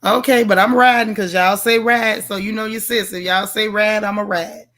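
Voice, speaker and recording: The voice is a woman's, medium in pitch, steady, a bit bright, and delivered at normal speed. She hosts a casual livestream where she reviews a TV show with playful sass, speaks directly to viewers, and reads their comments.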